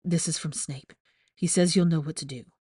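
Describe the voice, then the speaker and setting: A woman reading a frantic teenage boy wizard who pleads in an urgent, hushed voice. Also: low voice, steady tone, normal speed, slightly rough, dry recording, clean studio sound.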